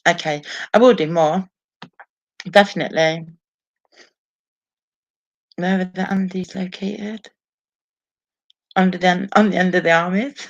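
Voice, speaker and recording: A woman hosts a casual live stream alone at home, reading comments from viewers while swearing and laughing a lot. Her pitch is fairly low and her intonation fairly even; she talks slowly, with long pauses. The recording is dull and lo-fi.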